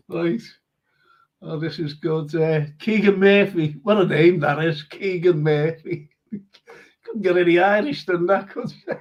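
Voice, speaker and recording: A man hosting a live fan show in casual chat, talking warmly with guests, laughing often and reading viewer comments aloud. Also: fairly high pitch, slow, pauses often. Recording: muffled lo-fi live-stream audio.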